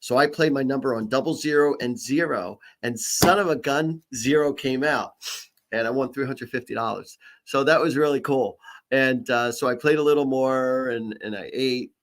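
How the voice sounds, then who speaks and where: A man's voice: medium pitch, moderate pace. A middle-aged man with a mid-range voice who hosts a casual psychic reading show. He rambles through personal stories and restarts his sentences often. He tosses in jokes and laughs as he reads horoscopes for viewers. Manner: rambling storyteller, jokey, many restarts. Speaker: psychic and comedian host. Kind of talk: casual live-stream chat and horoscope reading.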